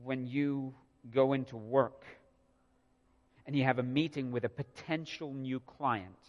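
A man's voice: mid-range voice, a little slow, lo-fi sound. A man preaching a sermon, earnest and prone to repeating words as he builds a point. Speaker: pastor. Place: church sanctuary. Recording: long reverb of a church hall.

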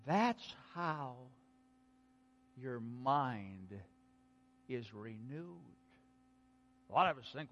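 A man preaching a sermon, slow and emphatic, dropping to a hush and then rising to exclaim. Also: mid-range voice, very animated, muffled recording. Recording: long hall reverb.

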